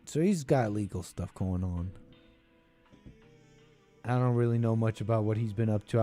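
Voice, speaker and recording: A man's voice: on the low side, normal speed, pauses often, dark tone, soft background music. A man hosting a call-in show, talking casually and rambling, with frequent chuckles and trailing thoughts.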